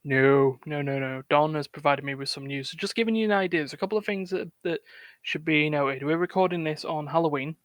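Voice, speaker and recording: A man from England hosting a casual gaming podcast, rambling and quick to laugh. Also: a little high, a bit bright, no echo. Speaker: podcast host. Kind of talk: casual chat.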